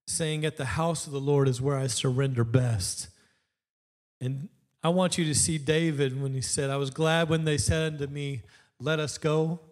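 A man preaching a sermon to his church, telling a story in a conversational way. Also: a little high. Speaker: pastor.

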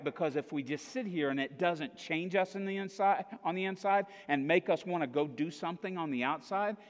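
An American man preaching a casual sermon, joking with the congregation and often checking in with "okay?" and "right?". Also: fairly high pitch. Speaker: pastor. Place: church auditorium. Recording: echoey hall reverb.

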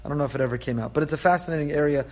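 Rabbi teaching Torah: high male voice, animated, explanatory, full of Hebrew terms. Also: very fast. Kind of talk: Torah class lecture.

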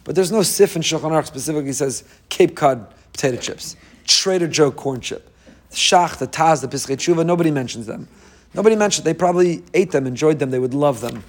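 A man's voice: on the high side, quick pace. A man giving an informal Torah talk as a religious teacher, humorous, self-deprecating and conversational, with sudden emphatic rises.

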